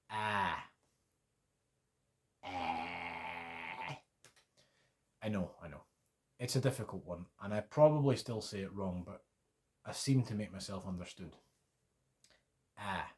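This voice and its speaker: A man's voice: fairly low pitch, a little fast, dark tone. A man whose first language is English teaching Swedish vowels, spelling out letters and patiently repeating sounds. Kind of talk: slow, deliberate pronunciation lesson.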